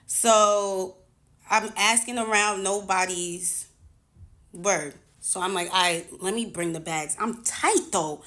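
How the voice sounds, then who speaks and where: A woman's voice: mid-range voice, normal speed, a bit bright. A woman and touring artist telling a casual storytime vlog, retelling her own and others' lines with lots of swearing.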